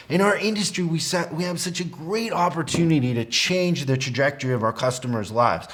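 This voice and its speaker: A middle-aged man giving a motivational training talk to service advisors, telling a personal story earnestly with small restarts. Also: fairly high pitch.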